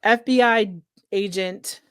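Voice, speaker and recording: Woman, podcast co-host, blunt, swearing, animated, dry close sound. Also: mid-range voice, slow pace, clear, resonant tone, dry recording. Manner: blunt, profane, animated storytelling. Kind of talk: casual true-crime recap chat.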